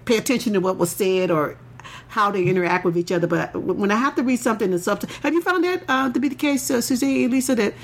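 A woman's voice: mid-range voice, fast talker. A woman chatting casually as a co-host, laughing often and restarting her sentences. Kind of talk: casual chat.

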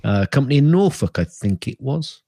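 A man's voice: mid-range voice, very animated, a little fast, warm tone, no room sound, studio quality. A man co-hosting a podcast, reading tech news in a rambling, chatty way that often trails off. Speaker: podcast co-host.

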